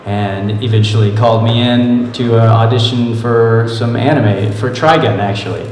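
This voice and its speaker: A man's voice: medium pitch, steady tone, moderate pace, darkish tone, a little hiss or hum. A man answering fan questions at a convention panel, telling casual rambling anecdotes and laughing often. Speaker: convention panel guest, voice actor. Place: large convention hall. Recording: echoey hall with crowd. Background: audience murmur.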